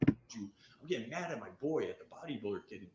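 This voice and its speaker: A man telling a candid story about his past addiction and recovery, getting fired up and swearing as he acts out what was shouted. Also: medium pitch, lively intonation, brisk, reverberant, highs cut off, very noisy.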